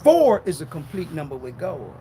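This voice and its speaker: Male preacher, high-pitched, fiery and confrontational, reads scripture slow and hard. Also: very animated, noisy background. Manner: fiery, rhetorical, jabbing questions at listeners; reads scripture slowly and forcefully. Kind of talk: live-streamed street-style sermon.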